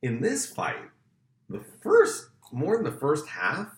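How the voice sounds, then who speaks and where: A man's voice: a little high, wildly swooping pitch, takes it slowly, echoey room. A man co-hosting a podcast, breaking down a fight in casual, eager chat. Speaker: podcast co-host.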